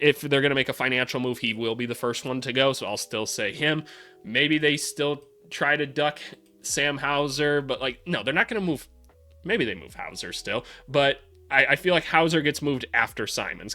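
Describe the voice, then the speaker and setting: A man's voice: mid-range voice, pushed and bright. A man, a former college coach, hosting a casual basketball vlog in a loose, rambling, joking way with some swearing.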